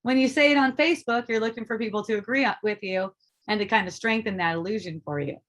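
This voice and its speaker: A woman's voice: on the high side, quick pace, a bit bright. A woman hosting a casual live group talk, rambling, swearing freely and breaking into laughter often. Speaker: host of a spiritual dialogue group.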